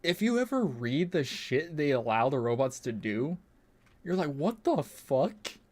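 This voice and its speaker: A man's voice: mid-range voice, expressive, normal speed. A young man streaming a game, chatting casually in a rambling, profane, incredulous way into a desk mic. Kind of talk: casual gaming stream chat.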